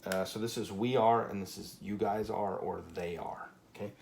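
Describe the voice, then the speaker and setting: A man teaching a Spanish grammar lesson at a whiteboard, relaxed and full of fillers, checking in with "okay" often. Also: lowish voice, normal speed, vocal fry, slight background noise. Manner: relaxed, many fillers and okays.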